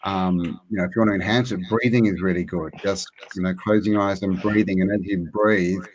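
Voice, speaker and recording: Low-voiced man chatting haltingly. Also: steady tone. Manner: hesitant, many fillers and restarts. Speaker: co-host. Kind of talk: casual chat.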